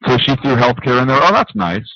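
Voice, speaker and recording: Husky sarcastic co-host guy, sharp bright tone, bouncy pitch, dull lo-fi. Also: expressive, a little fast, dry recording. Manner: sarcastic, laughs between remarks. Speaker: radio co-host. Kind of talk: casual call-in talk radio banter. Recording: dull dry lo-fi stream audio.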